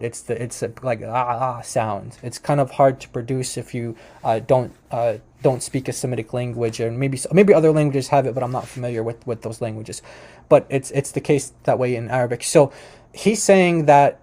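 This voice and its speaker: A man's voice: medium pitch, dark tone. A man hosting a commentary on a video, explaining and correcting points patiently at his computer. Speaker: host.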